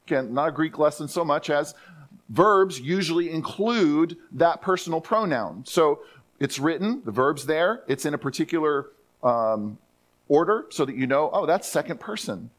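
Emphatic pastor preaching a sermon. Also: male voice, on the high side. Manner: emphatic preaching, repeats words and restarts phrases; reads scripture aloud slowly. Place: church.

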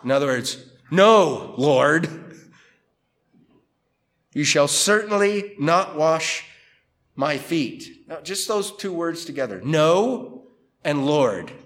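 A man preaching an expository sermon in a conversational, animated way, acting out quotes from scripture figures. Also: on the high side, slow. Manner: conversational, animated quoting of Peter and Jesus. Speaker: pastor.

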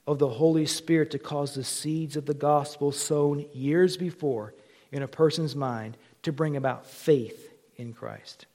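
A male pastor preaching a sermon, moving from quiet, almost whispered lines to loud, fervent appeals. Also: on the high side. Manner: builds from quiet to impassioned near-shouting.

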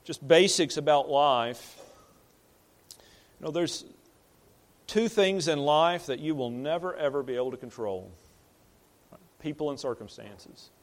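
Plain-spoken man preaching a sermon. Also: medium pitch. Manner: plain-spoken, repeats words and restarts while building a point. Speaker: pastor. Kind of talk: conversational sermon.

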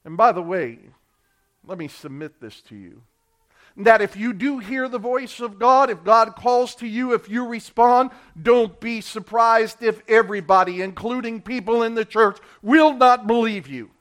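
A male pastor preaching a sermon, acting out the people he quotes and swinging between loud and quiet. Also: extremely high pitch, measured pace. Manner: dramatic, acts out quoted voices with big swings in loudness.

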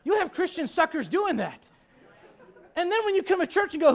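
A man preaching a sermon, shifting between quick asides, mimicked voices of churchgoers, and low, slow scripture reading. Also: sing-song.

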